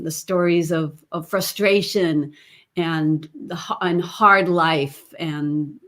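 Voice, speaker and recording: A woman with a fairly low but slightly bright voice gives a chatty online webinar voice lesson over a computer mic. As she explains, she stops to demonstrate sounds and sing snippets.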